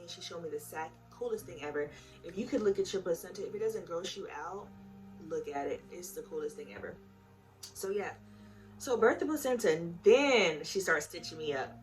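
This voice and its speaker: A young woman with a low voice tells her story in a chatty, emotional way, talking right to her viewers. She sits a little back from the mic, and music plays under her voice. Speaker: vlogger telling her birth story. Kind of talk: casual storytime. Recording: voice a bit far from the mic with music behind. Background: background music.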